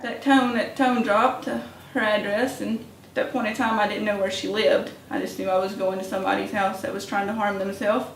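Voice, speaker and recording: A woman's voice: mid-range voice, flat delivery, fairly quick, reverberant, far from the mic, slight background noise, low-quality recording. A woman emergency dispatcher recounting a rescue in plain, matter-of-fact terms for a documentary interview.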